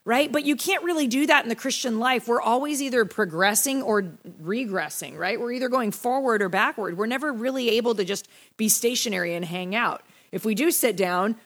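A young woman with a fairly high voice leads a Bible study in a relaxed, talky way. She explains the passage like she is chatting with friends and keeps checking in with her listeners as she goes. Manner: conversational, frequent "right?" and "you know". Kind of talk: casual Bible study teaching.

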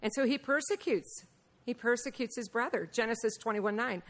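A woman preaching a Bible lesson, mixing lively personal stories with scripture, and often laughing and acting out the voices of people in her stories. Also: a little high, normal speed. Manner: animated, laughing, acts out quoted voices. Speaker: Bible teacher. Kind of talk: sermon with personal storytelling.

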